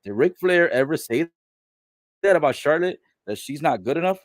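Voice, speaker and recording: A man giving a casual live recap of a wrestling show, relaying what is said in the ring and reacting with laughs and loud exclamations. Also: fairly high pitch, lively intonation, normal speed, no room sound, studio quality. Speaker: live wrestling watch-along commentator.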